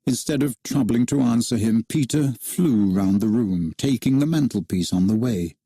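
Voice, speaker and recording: A man narrating a children's storybook aloud in an expressive, animated reading style. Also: medium pitch, moderate pace, husky, dry recording, studio quality.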